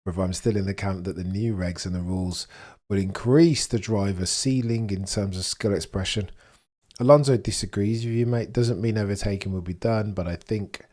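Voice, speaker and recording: Young streamer, very low husky voice, jokey and chatty. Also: male voice, moderate pace, darkish tone. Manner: chatty, jokey, laughs often, mutters asides. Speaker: livestream host. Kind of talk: casual livestream chat reading comments.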